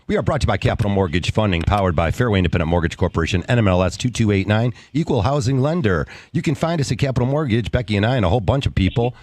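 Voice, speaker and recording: A male radio host with an energetic, folksy manner, plugging sponsors and bringing in guests. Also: fairly low pitch, racing, few pauses, no room sound. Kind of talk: radio business talk show.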